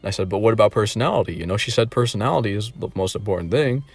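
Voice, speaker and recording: Man, lowish voice, casual vlog story, rambling and incredulous, dry close sound. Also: expressive, rapid-fire, gravelly, husky, dry recording. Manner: rambling, incredulous, repeats himself. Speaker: online dating video creator.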